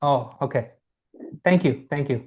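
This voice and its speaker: A man's voice: medium pitch, measured pace, dull audio. A young Bengali-speaking man with a mostly American accent and traces of Bengali, teaching a live online English class into a laptop mic, friendly and full of fillers. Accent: mostly American with some Bengali sounds. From Bangladesh. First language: Bangla. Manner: friendly, hesitant with many fillers.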